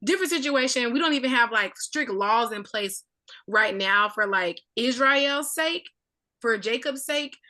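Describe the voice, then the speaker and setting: A woman with a bright, somewhat high voice leads a casual Bible study discussion. She talks thoughtfully and often fills with "like." Her tone is crisp and clear. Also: expressive, measured pace. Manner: thoughtful, many filler likes.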